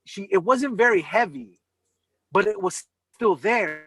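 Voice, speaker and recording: A man chatting casually over a video call, telling animated stories and swearing freely. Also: sits high, a little slow, slightly rough. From California. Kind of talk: casual chat.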